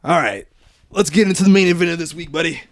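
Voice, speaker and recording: A young man hosting a casual podcast chat, playful and quick to laugh. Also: fairly high pitch, dry recording. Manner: laughs often, animated and playful. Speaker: podcast host.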